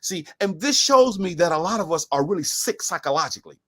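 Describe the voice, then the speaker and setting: A man's voice: high voice, animated, fairly quick, pushed and bright, slightly rough. A man co-hosting a talk show, speaking in an emphatic, preachy way and repeating his points. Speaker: co-host.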